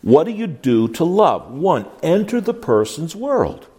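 Animated older man teaching a class. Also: measured pace. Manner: folksy, emphatic, with animated swoops in pitch and many restarts. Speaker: Bible teacher. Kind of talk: classroom lecture on biblical counseling.

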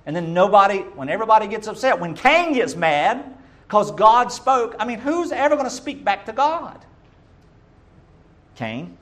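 A middle-aged pastor delivers a sermon in a fairly high voice for a man. He preaches emphatically, jumping from loud, punchy lines down to soft, murmured asides. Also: very animated, normal speed.

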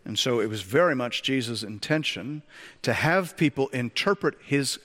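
A man's voice: mid-range voice, expressive, moderate pace, fairly bright tone, long reverb tail. A male pastor preaching a sermon, talking conversationally with joking asides and rhetorical questions to the congregation.

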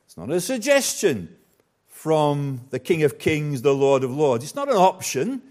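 A man preaching a sermon as pastor, slow and emphatic, with dramatic pauses and repetition. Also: a little high, huge pitch swings, darkish tone.

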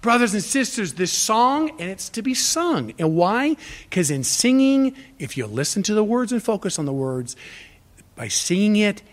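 Guy preaching a sermon, pretty high voice, goes from loud to almost whispering, keeps repeating himself to the congregation. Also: sing-song, normal speed. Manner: emphatic preaching, swinging from loud to hushed; repetitive, exhorting the congregation. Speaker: pastor.

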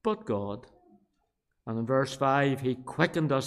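A man with a Belfast accent preaching a sermon, shifting from quiet asides to loud, emphatic declarations and repeating key phrases. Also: mid-range voice, lively intonation, slow pace, long pauses. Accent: Northern Irish, Belfast. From Northern Ireland. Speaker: pastor.

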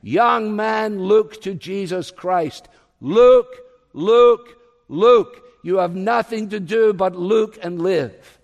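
A man voicing a thin, fiery country preacher who pleads and shouts his text at a listener. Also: high voice, fairly quick, big-room sound, muffled recording, voice pushed up, natural voice. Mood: shouting.

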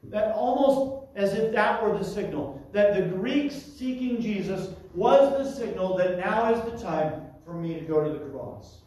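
A man's voice: high voice, lively intonation, measured pace, few pauses, darkish tone. Man, preacher, expository sermon, asides, distant mic, very echoey. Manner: teaching verse by verse with asides.

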